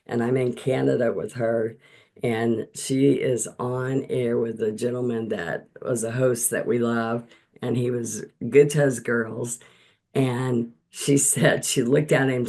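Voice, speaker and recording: A woman leads a painting lesson over a video call, her voice gravelly and her delivery unhurried. She chats in an animated way and laughs often as she teaches. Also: a bass voice. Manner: animated, laughs often while telling stories. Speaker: painting instructor and host. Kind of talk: chatty storytelling and painting instruction.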